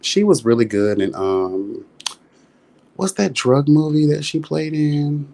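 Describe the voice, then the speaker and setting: A man's voice: on the high side, slow pace, vocal fry, mellow. A man co-hosting a casual livestream chat, sassy and playful, calling people child and honey. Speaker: livestream co-host. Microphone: streaming mic.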